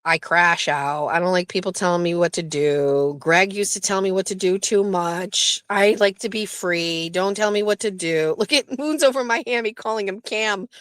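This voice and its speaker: A woman's voice: mid-range voice, moderate pace, few pauses, a bit bright, clear, resonant tone, dry recording, clean studio sound. A woman hosting her own livestream show, chatting in a rambling, blunt and profane way as she jumps between topics. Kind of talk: rambling casual livestream chat.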